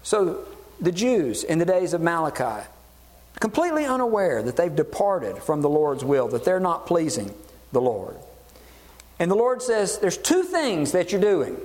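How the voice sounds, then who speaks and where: A man preaching a sermon, animated and acting out voices in the dialogue he quotes. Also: a little high, normal speed, long reverb tail. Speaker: pastor.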